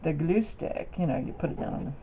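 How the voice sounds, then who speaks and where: A woman's low, expressive voice moves a little fast as she casually shows off her craft projects to the camera. As a craft vlogger, she rambles, with many fillers and restarts, in a dull lo-fi recording with faint noise.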